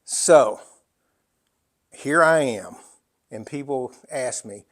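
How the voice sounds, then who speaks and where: An older man giving a storytelling business talk as an entrepreneur, animated and conversational with frequent asides. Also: medium pitch, drawn-out words.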